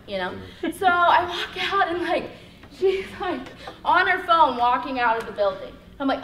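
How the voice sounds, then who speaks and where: A woman, giving a personal testimony talk at a workshop, animated and laughing, saying "like" a lot. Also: high-pitched, brisk, recorded from a distance, slight background noise. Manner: animated, laughing storyteller, heavy use of "like". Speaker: workshop speaker. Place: college hall. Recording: roomy hall echo.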